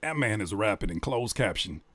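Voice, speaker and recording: A man's voice: lowish voice, lively intonation, normal speed, a bit bright, slightly rough, no room sound. A man hosting a reaction video, joking, cursing in slang and rereading lines aloud. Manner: profane slang. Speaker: reaction host. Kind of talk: casual reaction commentary.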